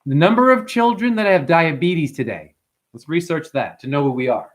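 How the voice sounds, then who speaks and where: Excitable, foul-mouthed male streamer. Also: fairly high pitch, moderate pace. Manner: profane, rambling, excitable, swings between shouting and muttering. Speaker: live streamer. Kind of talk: unscripted livestream rant to chat.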